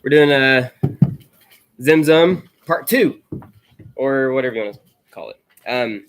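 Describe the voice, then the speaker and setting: Relaxed man leading a church gathering. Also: medium pitch, a little slow. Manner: relaxed, conversational, leading sharing time. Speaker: pastor. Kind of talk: casual church talk and sermon intro.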